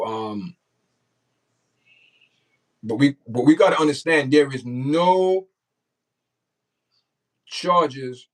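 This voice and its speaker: A man's voice: mid-range voice, far from the mic, low-quality recording. Man hosting a livestream, off-mic. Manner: repetitive, talks straight to the chat. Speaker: livestream host. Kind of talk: casual livestream commentary.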